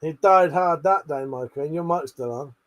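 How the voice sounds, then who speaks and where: A man's voice: a little high, normal speed. A man hosting a late-night livestream, chatting with viewers while he swears a lot, laughs often and bickers. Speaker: livestream host.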